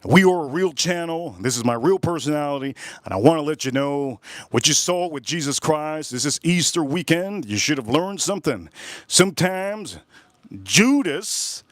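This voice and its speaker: A man hosting a casual livestream while grilling, rambling and repeating himself, with sudden loud bursts of emphasis. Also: fairly high pitch, no echo. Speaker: livestream host.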